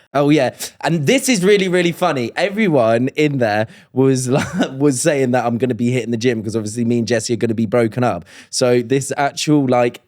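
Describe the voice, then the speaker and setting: A young man co-hosting a relaxed podcast, full of teasing and self-mocking jokes. His voice sits mid-range and is recorded close with almost no room sound. He sometimes jumps up into squeaky put-on voices for laughs. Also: moderate pace, hardly any pauses, no room sound. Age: 20s. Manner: joking, playful, jumps into high mock voices. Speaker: podcast co-host. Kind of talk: casual chat.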